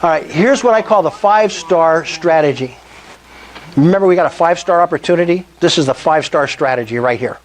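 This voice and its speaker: A man's voice: fairly high pitch, brisk, slight background noise. An older man giving an enthusiastic sales presentation at a meetup, often asking the audience questions. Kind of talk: sales presentation to a live group.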